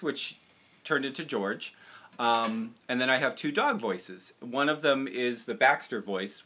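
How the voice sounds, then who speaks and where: A man's voice: medium pitch, sharp tone. A young man from the Boston area, a puppeteer hosting a casual livestream chat, rambling and self-deprecating. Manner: rambling, self-deprecating, quick to jump into voices.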